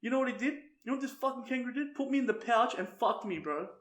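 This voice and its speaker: Swearing, laughing Australian man, high voice. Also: expressive, fast talker, fairly bright tone, echoey room. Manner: crude, swearing, laughing storyteller. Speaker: podcast co-host. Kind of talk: casual comedic chat.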